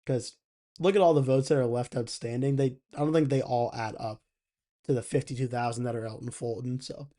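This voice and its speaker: A young man hosts a casual live stream and talks easily at an ordinary middle pitch. His tone is mellow and warm, and he thinks out loud while reading viewers' comments between updates. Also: steady tone, fairly quick. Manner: chatty, thinks aloud, reads chat comments. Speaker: election night live stream host.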